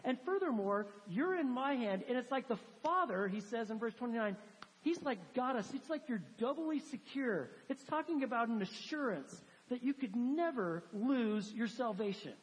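A woman's voice: a little high, expressive, moderate pace. Woman preaching in an echoing hall. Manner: conversational, emphatic, many fillers. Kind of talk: sermon. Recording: long hall reverb.

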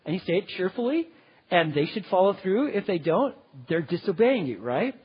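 A man teaching parenting in sermon style, animated, often checking in with "okay?". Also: high-pitched, moderate pace, slightly rough. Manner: animated, acts out parents and kids, keeps asking "okay?". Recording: dull, lo-fi hall with long reverb.

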